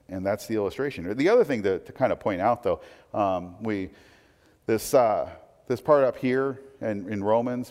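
A man preaching a sermon in a casual, conversational way, often checking in with listeners with quick asides. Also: fairly low pitch, darkish tone. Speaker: pastor. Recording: long hall reverb.

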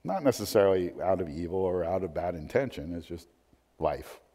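A man preaching a sermon, swinging between emphatic points and hushed, conversational asides. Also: sits low, animated, brisk. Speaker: pastor. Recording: long hall reverb.

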